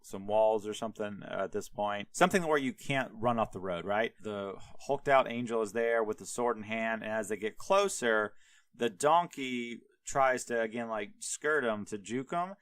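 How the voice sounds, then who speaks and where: A man's voice: lowish voice, moderate pace, fairly bright tone, dry recording. A man, a podcast host, retelling a story casually, rambling with lots of fillers and swearing. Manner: rambling, filler-heavy, profane.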